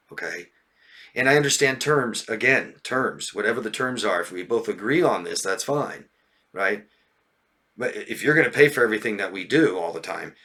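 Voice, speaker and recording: A man talks casually as a relationship coach, his voice bright and keen. He keeps checking in with listeners with a "yeah?" or "right?", laughs often, and slips into raised, mocking voices to act out friends. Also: on the low side. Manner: occasional swearing. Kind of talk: casual talk to viewers.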